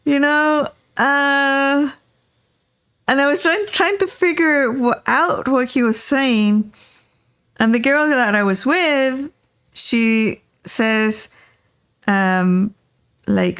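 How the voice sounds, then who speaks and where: A woman's voice: on the high side, expressive, measured pace. A middle-aged woman hosting a casual talk show, telling rambling personal anecdotes with many fillers while riding in a car. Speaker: podcast host. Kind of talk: casual storytelling chat.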